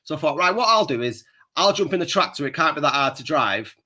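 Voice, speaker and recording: Male podcast co-host, somewhat high, bright and tense, rambling sweary anecdotes. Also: expressive, fast talker. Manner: rambling, swears constantly, laughs at his own story. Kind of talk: casual storytelling chat.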